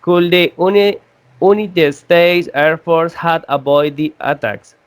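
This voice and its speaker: A young man from Colombia in a class debate, speaking halting English with restarts. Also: fairly high pitch, fairly even intonation, smooth. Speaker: student debater.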